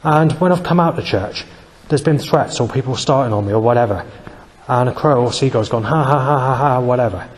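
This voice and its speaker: A man speaking in a rambling, aggrieved personal monologue, halting often with fillers. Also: medium pitch, in a large hall. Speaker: vlogger.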